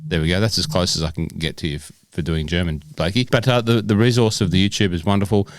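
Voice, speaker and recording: A man's voice: deep voice, fairly even intonation, fast talker, no echo. A middle-aged Australian man co-hosting a podcast, chatting casually and rambling with many fillers. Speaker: podcast co-host. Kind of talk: casual chat.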